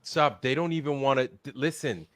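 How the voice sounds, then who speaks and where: A man's voice: medium pitch, fairly quick, fairly bright tone, no echo. A man in casual podcast chat who talks bluntly and dismissively, with casual swearing.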